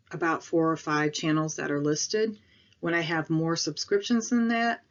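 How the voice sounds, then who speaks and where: Low-voiced Midwestern woman, rambling vlog. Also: dull audio. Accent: Midwestern American. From Midwestern United States. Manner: rambling, apologetic, many pauses and ums. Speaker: vlogger. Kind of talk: casual talk to camera. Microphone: home recording.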